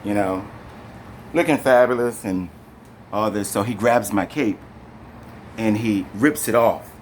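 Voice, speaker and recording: A man recounting an arrest in an emotional storytime to camera, rambling and halting with many fillers, and speaking directly to his viewers. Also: on the low side, a little hiss or hum. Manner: animated, addresses viewers directly.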